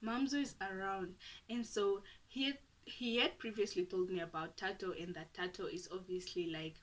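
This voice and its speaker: A woman's voice: lowish voice, fairly even intonation, moderate pace. A young woman from Namibia, telling a personal story to her viewers in a chatty, dramatic way and laughing at herself often. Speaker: YouTuber. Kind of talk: casual storytime.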